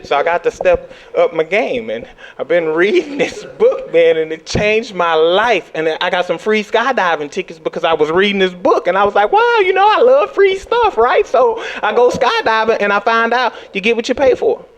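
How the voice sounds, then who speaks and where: A young adult man performing a stand-up comedy set, telling animated stories and jumping into high squeals when he acts out panic. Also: normal speed, hardly any pauses, dull audio.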